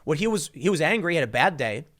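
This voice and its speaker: A man's voice: a little high, sing-song, fast, a bit bright. A man hosting a casual commentary monologue, talking emphatically with frequent restarts as he tells a story. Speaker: political commentary host.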